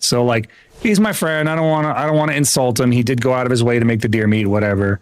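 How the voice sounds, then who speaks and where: Animated, rambling, foul-mouthed American man. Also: a little fast, no room sound. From United States. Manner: rambling, profane storyteller with lots of restarts; animated, often jumps up in pitch. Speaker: livestreamer. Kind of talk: casual live-stream chat while gaming.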